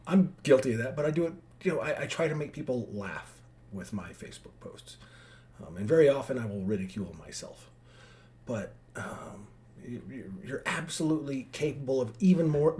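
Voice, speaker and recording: Man, vlogging dad, heartfelt rambling monologue to his girls, lively pitch. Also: moderate pace. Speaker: father addressing his daughters. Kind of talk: emotional vlog monologue.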